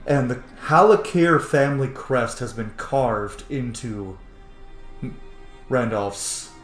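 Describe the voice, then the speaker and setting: Slow, loose-talking male game master. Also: medium pitch, animated, roomy sound, soft background music. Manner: loose narration with frequent fillers. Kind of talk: narrating a tabletop game.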